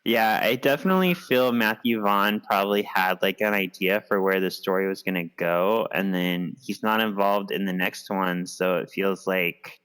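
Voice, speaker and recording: Low-voiced man musing on a film. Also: normal speed, few pauses, fairly bright tone, clear, resonant tone, low-quality recording. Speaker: podcast co-host. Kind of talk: casual movie discussion.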